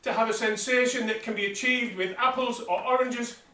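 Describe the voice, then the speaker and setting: A man's voice: extremely high pitch, fairly even intonation, normal speed, pushed and bright. A man talking bluntly while pedalling an exercise bike, slightly out of breath. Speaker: vlogger. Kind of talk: casual motivational talk. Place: indoor room with exercise bike. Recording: roomy sound from a distant mic.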